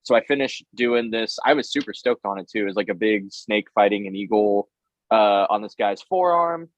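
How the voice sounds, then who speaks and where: A low-pitched man tells an animated, self-deprecating story in casual conversation. His voice comes across dull and dry, as if recorded close in a small space. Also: moderate pace, no echo. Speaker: tattoo artist guest.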